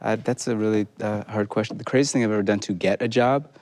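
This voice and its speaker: A man actor answering at a roundtable, deadpan and halting. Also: lowish voice. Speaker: actor guest. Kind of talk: roundtable conversation.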